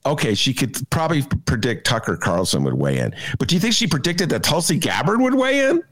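A man hosting a casual political chat podcast, animated and laughing often as he talks. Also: medium pitch, no echo. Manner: animated, laughing, breaks into quick impressions. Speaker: podcast host.

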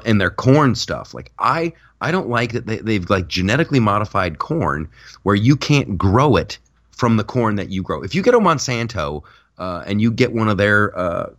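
A man, a stand-up comedian hosting a podcast, rambling through a casual comedic rant with many restarts, short on sleep. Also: fairly low pitch. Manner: rambling, repeats words, restarts.

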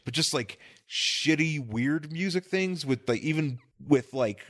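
A man's voice: fairly high pitch, animated, a little slow, a bit bright. A man co-hosting a podcast in casual comic chat, rambling with lots of filler words and laughing easily. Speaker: podcast co-host.

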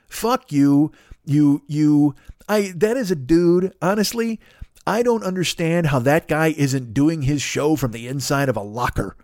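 A man's voice: a little high, darkish tone, no echo. Man ranting and swearing, bone-dry close sound. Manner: heated, swearing constantly, exasperated. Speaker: podcast host. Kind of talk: profane comedic rant.

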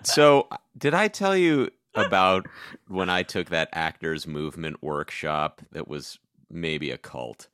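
A man's voice: low-pitched, animated, slow pace, a bit bright, clear, resonant tone, no room sound, studio quality. A man co-hosting a casual chat, telling a wry story. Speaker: co-host.

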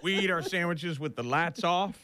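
A man's voice: high-pitched, normal speed, sharp tone, smooth, no echo. A man co-hosting a morning radio show, cracking playful jokes in casual banter.

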